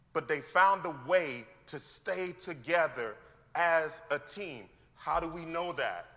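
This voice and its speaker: A male pastor preaches in a high, bright, forceful voice. He talks in lively, slangy bursts and acts out the scenes he describes. His words ring out with the long reverb of a large church hall. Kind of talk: sermon.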